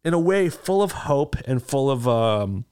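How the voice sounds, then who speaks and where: A man's voice: medium pitch, sing-song, measured pace, a little mellow, clear, resonant tone. A man hosting a casual podcast who reacts bluntly and swears freely. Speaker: podcast host.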